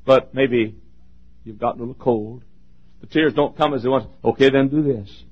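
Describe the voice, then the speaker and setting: Husky impassioned preacher man. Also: medium pitch, normal speed, poor audio. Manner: impassioned, swings from shouts to near whispers; joking asides. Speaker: pastor. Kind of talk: sermon.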